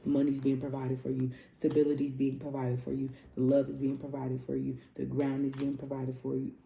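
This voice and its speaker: A woman's voice: a bass voice, monotone, brisk, creaky, warm tone, a little hiss or hum. A woman spiritual coach giving a casual astrology reading, loose and profane, repeating herself like a preacher. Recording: roomy echo.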